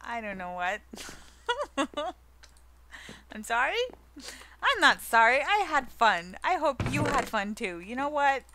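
A young woman hosting a casual gameplay commentary video, bubbly and playful, cooing at a pet in a high baby-talk voice. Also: very animated, slow pace, long pauses, background noise. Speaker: gaming channel host.

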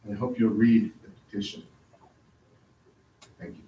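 A man's voice: on the low side, flat delivery, normal speed, mellow. Insistent man addressing officials in an echoey hall. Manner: earnest, insistent, confronting officials. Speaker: resident speaking at public hearing. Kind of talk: public comment at a council meeting. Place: council chamber. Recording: echoey hall, mic from a distance.

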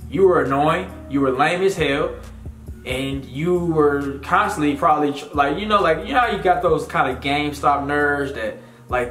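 A man's voice: fairly high pitch, a bit bright. A man hosting his own commentary video, talking bluntly and scornfully in a rambling, casual way. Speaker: commentary channel host. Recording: echoey room with faint music.

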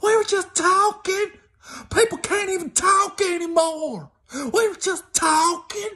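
A man voicing a defensive woman caught out in a robe, in a high, strained, squealing protest. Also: fairly even intonation, a little slow, pushed and bright, heavily acted. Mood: indignant.

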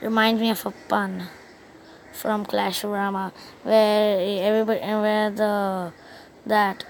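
A woman's voice: medium pitch, flat delivery, slow pace, a little hiss or hum, rough recording. A woman hosting a casual gaming channel, rambling through a game session and a cartoon plot, with many restarts. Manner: rambling, many restarts, loses track of the story. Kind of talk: casual gaming commentary and story retelling.

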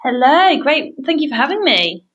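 A woman's voice: sits high, very animated, moderate pace, fairly bright tone, muffled recording. A woman with a British accent, a researcher answering interview questions in a thoughtful, explanatory way. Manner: thoughtful, many "um" and "kind of". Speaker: researcher, podcast guest.

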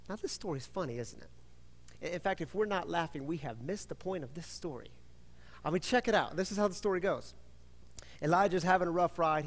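Male pastor, slightly high voice, animated storytelling sermon, long church reverb. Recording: reverberant hall.

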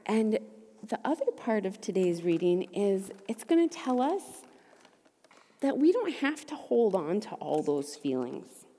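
A young adult woman leads a children's message in church, upbeat and gentle, asking the kids simple questions. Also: medium pitch, big pitch swings, measured pace. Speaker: children's ministry leader. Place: church sanctuary. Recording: long church reverb.

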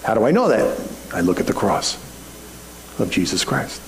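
A male pastor preaches in a church sanctuary, his fairly low voice swinging widely in pitch at a moderate pace. His sermon is conversational and packed with rhetorical questions, and the room echoes over a faint hum.

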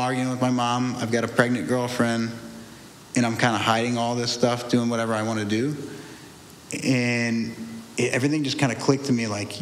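A man's voice: mid-range voice, slight background noise. A young man telling his own testimony in a candid, rambling conversational way, often restarting and laughing through hard memories. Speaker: guest sharing a testimony. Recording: echoey room with faint ambience.

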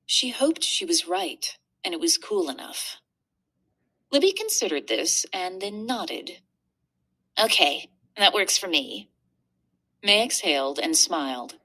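A woman narrating a children's book aloud. Her reading is expressive and animated, with a lively, wide-ranging pitch. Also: a little slow, breathy edge. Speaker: reader. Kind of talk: storybook narration.

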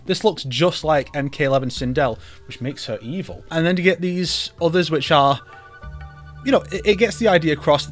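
A man's voice: fairly high pitch, moderate pace, faint music behind. A man hosting a YouTube video, giving comedic commentary with wry, sarcastic asides. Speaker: YouTuber host.

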